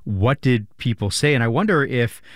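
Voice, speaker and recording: A man's voice: mid-range voice, animated, moderate pace, no echo, studio quality. A man hosting an interview, asking attentive follow-up questions. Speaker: interviewer host.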